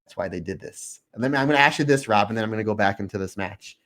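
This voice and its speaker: Excitable man on a podcast. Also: lowish voice, fast talker. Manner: excited, acts out his own reactions; openly emotional. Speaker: podcast co-host. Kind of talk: casual podcast chat.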